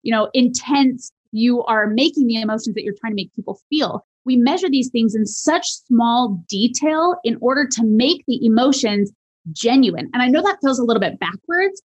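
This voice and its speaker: Animated woman with a bright higher voice. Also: normal speed. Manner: animated, swoops up high to demonstrate pitch. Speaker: podcast guest, voice coach. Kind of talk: casual interview chat.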